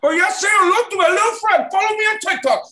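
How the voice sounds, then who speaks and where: A man's voice: extremely high pitch, quick pace, voice pushed up. A man doing a snarling gangster boss. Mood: aggressive. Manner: snarling, profane, tough-guy swagger. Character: brash hot-tempered male gangster boss. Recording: loud crowd in a comedy club.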